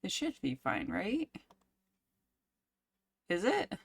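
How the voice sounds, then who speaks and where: A woman's voice: mid-range voice, wildly swooping pitch, slow, gravelly, slightly rough. A woman streaming a story game, reading narration aloud and fretting in muttered asides. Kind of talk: let's play commentary and narration reading.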